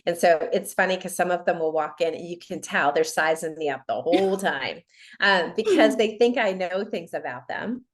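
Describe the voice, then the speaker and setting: A woman with a somewhat low voice, chatting casually on a podcast as a guest coach. She talks expressively and acts out little bits of dialogue as she tells her stories. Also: normal speed, hardly any pauses.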